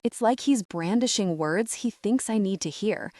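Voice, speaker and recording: A woman reading a first-person audiobook in a tense, urgent way that rises at the shouted lines. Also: medium pitch, expressive, normal speed, no echo, studio quality. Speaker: audiobook narrator.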